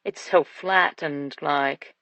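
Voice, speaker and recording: A woman reading an audiobook, voicing a confident, flirtatious British businessman with a low, teasing delivery. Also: takes it slowly, gravelly, a bit bright, no room sound, full character voice. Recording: dull dry studio sound.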